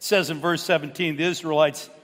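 A man preaching a sermon as pastor, animated and full of rhetorical questions, sometimes dropping to a low murmur. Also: fairly quick. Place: church sanctuary. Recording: church hall reverb.

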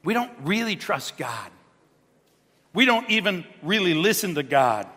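A man preaching a sermon as pastor, animated and full of rhetorical questions, sometimes dropping to a low murmur. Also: a little slow. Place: church sanctuary. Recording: church hall reverb.

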